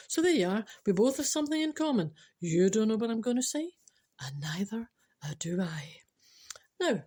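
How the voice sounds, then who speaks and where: A woman's voice: medium pitch, mellow. An older woman with a Scottish accent hosting a podcast, rambling chattily through jokes without a script and laughing at her own punchlines. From Scotland. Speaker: podcast host. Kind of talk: unscripted joke-telling podcast.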